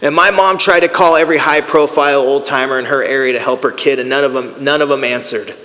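A middle-aged man giving a personal recovery testimony, storytelling in an animated way and acting out the voices of the people in it. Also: mid-range voice, fast talker. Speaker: recovery speaker. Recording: hall with long reverb.

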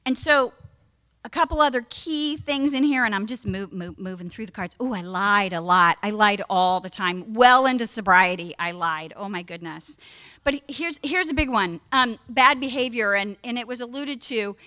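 A woman's voice: medium pitch, normal speed, sharp tone. A middle-aged woman giving a candid personal testimony at a recovery meeting, emphatic and frank. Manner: candid, emphatic, acts out her past self in raised voice.

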